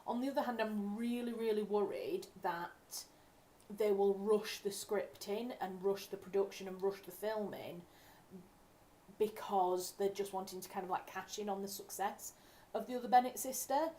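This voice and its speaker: A woman's voice: mid-range voice, fairly even intonation, normal speed, mellow, a little hiss or hum. A young woman from England, a writer hosting a casual livestream at home, talking in a chatty, rambling way and correcting herself as she goes. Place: home room.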